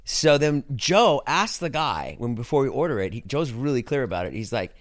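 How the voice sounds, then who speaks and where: A man telling a story in casual chat, animated and swearing, acting out what people said. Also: medium pitch, normal speed, no echo, studio quality. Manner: animated, swearing, acts out quotes.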